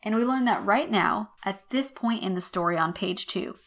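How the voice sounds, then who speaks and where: A woman hosting a podcast lesson, explaining an old text in a wry, chatty way and slowing down to read quotations. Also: mid-range voice, a bit bright. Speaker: podcast host teaching literature.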